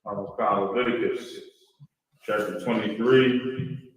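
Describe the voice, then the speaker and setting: Low male congregant reading scripture, measured, distant and very roomy. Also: steady tone. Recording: very echoey room, distant mic.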